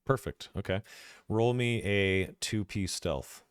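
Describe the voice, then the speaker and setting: Male game master for a tabletop session: low, smooth voice, halting delivery. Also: no echo, clean studio sound. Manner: hesitant, many fillers and restarts.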